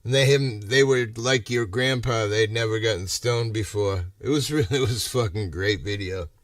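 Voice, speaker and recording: A man's voice: fairly low pitch, moderate pace, dry recording, studio quality, far from the mic. A man from Massachusetts chatting on a casual livestream, rambling and ranting with a lot of swearing. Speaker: livestream host.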